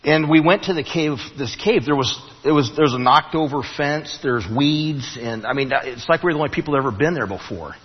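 Husky preacher in a reverberant church. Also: male voice, on the high side. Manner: storytelling preacher, halting restarts, rising emphasis. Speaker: pastor. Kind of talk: sermon. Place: church sanctuary. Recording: muffled, long hall reverb.

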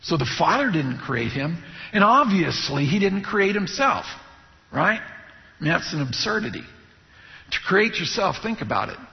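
A man preaching an expository sermon, teaching in a measured way and asking his listeners rhetorical questions. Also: fairly high pitch, big pitch swings, gravelly. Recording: muffled recording with long hall reverb.

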